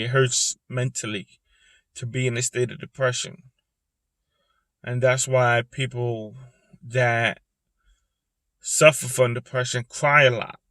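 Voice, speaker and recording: A man sitting in a parked car, talking earnestly and repetitively about his own depression, with halting pauses. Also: medium pitch, sharp tone, no echo. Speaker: vlogger speaking about depression. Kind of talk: personal confessional monologue.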